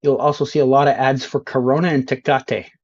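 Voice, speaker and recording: A man streaming a geography game, joking and mocking himself as he sounds out signs in slow, mangled Spanish. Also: mid-range voice, steady tone, darkish tone, dull audio. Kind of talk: casual live-stream commentary.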